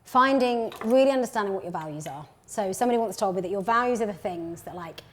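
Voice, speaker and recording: Woman, young, chatty guest, mid-pitched, upbeat. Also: expressive. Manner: chatty, upbeat, quick asides. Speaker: guest, company founder. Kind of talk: casual chat while cooking. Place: home kitchen.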